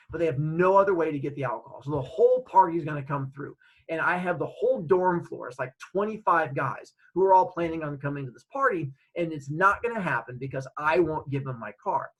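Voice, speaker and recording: A middle-aged man, a podcast host, telling a story in a chatty, animated way. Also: a little high, breathy edge, highs cut off. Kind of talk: casual storytelling.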